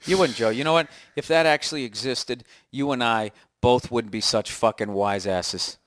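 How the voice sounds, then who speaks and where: Speaking at a moderate pace in a mid-range, slightly bright voice, this podcast co-host jokes around sarcastically on a casual comedy show recorded in an apartment. He teases and reads things aloud in a mocking way.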